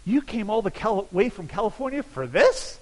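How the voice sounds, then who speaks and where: A man quoting an eager elderly woman who wants to introduce her son, speaking quietly during a sermon story. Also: high voice, sing-song, moderate pace, voice pushed up, low-quality recording.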